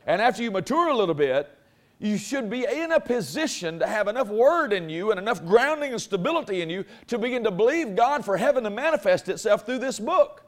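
Casting: male preacher, high voice, homespun conversational sermon delivery that swells with conviction. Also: animated, brisk, hardly any pauses. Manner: folksy, conversational preaching that builds in force. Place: church before a congregation.

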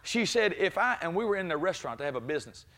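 Male preacher, high voice, bright tone, teaching then rising to loud exclaiming peaks. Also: very animated, very fast. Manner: frequent "glory be to God" interjections. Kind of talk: sermon.

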